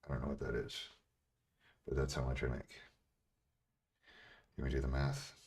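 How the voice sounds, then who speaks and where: A man streaming casually as a bodybuilder answering chat, blunt and profane, laughing and getting louder when riled up. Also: extremely low pitch, level tone, normal speed.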